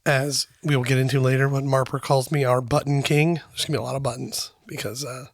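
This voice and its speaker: Hoarse man joking as podcast co-host. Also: medium pitch, little pitch movement, quick pace, dry recording, studio quality. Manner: goofy, joking. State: hoarse, losing his voice. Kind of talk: casual chat.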